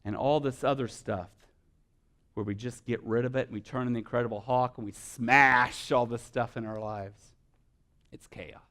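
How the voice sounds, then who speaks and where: A man preaching a sermon, building from quiet, soft-spoken stretches to loud, passionate exhortation. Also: medium pitch, steady tone, moderate pace. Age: adult with children. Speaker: pastor.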